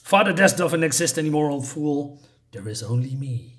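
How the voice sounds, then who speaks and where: A man's voice: fairly high pitch, lively intonation, moderate pace, lightly acted. Man doing a mocking monster villain, sneering, cruel, comic-book baddie. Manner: taunting.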